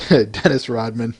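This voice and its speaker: A man's voice: medium pitch, husky. A man hosting a casual review podcast, rambling with frequent restarts and answering listeners by name between points. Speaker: podcast host.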